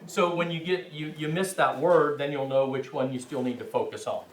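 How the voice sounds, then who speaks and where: A man's voice: on the high side, fairly even intonation, fairly quick. A man teaching a language class, chatty and informal, often checking in with his students. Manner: chatty, frequent "right?" check-ins, self-deprecating. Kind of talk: classroom instruction. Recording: roomy, distant, faint hiss.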